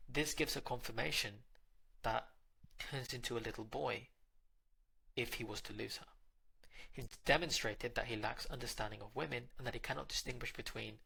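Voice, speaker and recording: A man's voice: medium pitch, creaky, bright, forceful tone, slightly rough. A man hosting a dating advice channel, talking straight to the listener in a direct, coaching monologue and now and then acting out little scenes.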